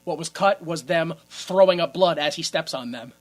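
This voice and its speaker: A man's voice: fairly high pitch, moderate pace. A man co-hosting a casual comedy podcast, retelling a movie's scenes in a crude, joking way and laughing often. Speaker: podcast co-host.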